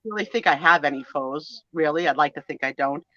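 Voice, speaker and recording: A woman in her sixties chatting casually on a live stream, an animated storyteller who acts out the voices in her stories. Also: low voice, a little fast, no echo, muffled recording. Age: 60s. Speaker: co-host of a live sale and chat stream. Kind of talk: casual chat.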